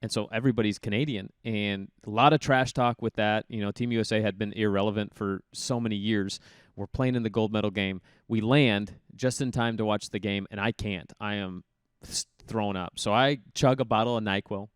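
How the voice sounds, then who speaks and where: A man's voice: on the low side, moderate pace, clear, resonant tone, no room sound, studio quality. A man in his thirties, a guest telling stories in a casual interview, acting out voices as he goes. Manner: animated storyteller, acts out voices in his anecdotes. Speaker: guest, former college hockey player.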